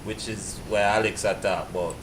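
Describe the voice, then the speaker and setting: A man's voice: on the low side, steady tone, moderate pace, background noise. A man, chatting casually as a vlog host reacting to a clip, laid-back and amused.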